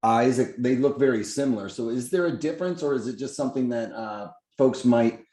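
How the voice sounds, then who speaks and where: A man's voice: mid-range voice, a little fast, mellow, roomy sound. A man co-hosting a webinar who asks questions modestly and hesitantly. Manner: modest, hesitant, many fillers. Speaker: webinar co-host asking questions. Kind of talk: casual questioning.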